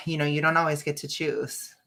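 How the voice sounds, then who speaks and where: A woman's voice: low-pitched, flat delivery, normal speed, bright, forceful tone. A woman hosting a casual reaction stream over a video call, blunt and opinionated, often breaking into laughs. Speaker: stream host.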